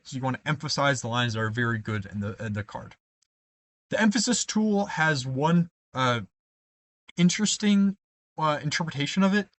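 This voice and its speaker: A young man walks through debate evidence formatting in a tutorial voice. He explains step by step, dropping in ums and checking in with "right?" as he goes. His pitch sits in an ordinary middle range. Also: fairly bright tone. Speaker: debate coach. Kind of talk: screen-share tutorial.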